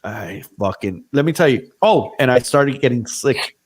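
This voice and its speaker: A man's voice: mid-range voice, lively intonation, normal speed, breathy edge. A man casually telling a story on a podcast, swearing freely and acting out what other people said.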